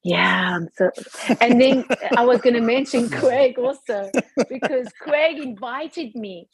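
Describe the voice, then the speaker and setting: A woman on a group video call, telling a personal story in a casual, animated way, laughing often and acting out her own past thoughts. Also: on the high side, measured pace, crowd noise. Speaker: participant sharing a testimony on a group call.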